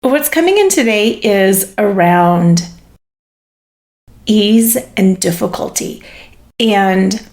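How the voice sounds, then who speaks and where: A woman hosting a session in which she relays channeled spirit messages, speaking in a halting, searching way and laughing often. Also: medium pitch, lively intonation, a little mellow. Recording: echoey room.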